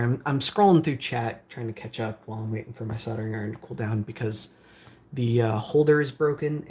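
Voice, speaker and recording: A man chatting casually on a live stream, reading out viewer comments and answering them in a loose, rambling way. His voice sits at an ordinary middle pitch. There is a faint hum of noise behind him. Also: darkish tone. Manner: rambling, with frequent fillers. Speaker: streamer building game consoles.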